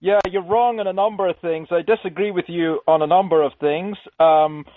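A man's voice: high voice, fairly even intonation, normal speed, no room sound. A man calling in to a radio show, politely and earnestly disagreeing with the host. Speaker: caller. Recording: tinny phone line.

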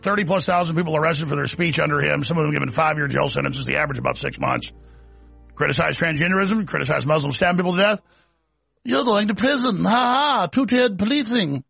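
A man's voice: a little high, creaky, pushed and bright, breathy edge, dry recording. A man hosting a political commentary show, delivering a sarcastic, combative rant. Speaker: show host.

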